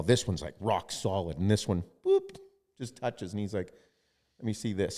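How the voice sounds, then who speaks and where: A man's voice: lowish voice, dark tone, in a large hall. A man hosting a podcast, telling a story in casual chat and quoting others, with lots of swearing. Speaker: podcast host.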